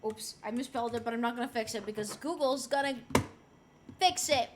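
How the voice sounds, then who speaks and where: A woman from Rico, chatting casually on a live stream. She is excitable and swears freely. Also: on the high side, a little fast, noisy background. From Puerto Rico.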